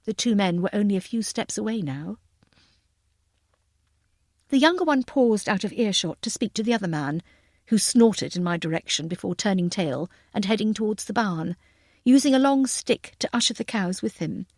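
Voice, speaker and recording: Brief: woman audiobook narrator, first-person, wry and lively, mid-pitched, dry close mic. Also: normal speed, dry recording.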